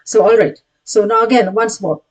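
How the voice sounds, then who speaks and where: A woman teaching a recorded grammar lesson, patiently repeating words aloud and calling out each drilled word louder with hand gestures. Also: mid-range voice, steady tone, moderate pace, poor audio. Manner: patient, repetitive, many restarts. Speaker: Quranic Arabic teacher.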